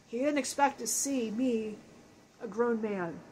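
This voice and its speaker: A woman channeling a grown male spirit, earnest and emotional, telling his story in halting bursts with many restarts. The voice sits a little high. A faint hiss of noise runs underneath. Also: a little mellow, close to an everyday voice, poor audio.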